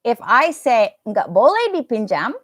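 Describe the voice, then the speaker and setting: A woman's voice: fairly high pitch, very animated, measured pace, fairly bright tone, no room sound, clean studio sound. A woman with an American accent teaching a live English lesson, enunciating words carefully and slipping into Indonesian phrases. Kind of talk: live online language lesson.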